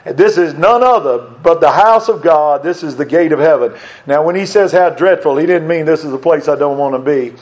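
A man's voice: fairly high pitch, brisk, darkish tone. An older man preaching a sermon, earnest and emphatic, repeating phrases to drive points home, on a dull lo-fi recording.

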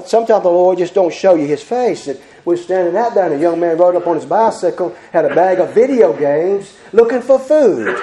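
A man's voice: high-pitched, warm tone. A man preaching a sermon, fervent and repetitive, stumbling over restarts. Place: church sanctuary. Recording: echoey church hall.

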